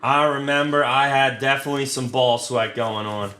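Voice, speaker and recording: A man's voice: mid-range voice, fairly even intonation, normal speed, bright, forceful tone. A man hosting a live card break, reading out pulls with crude, joking banter. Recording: roomy with faint noise.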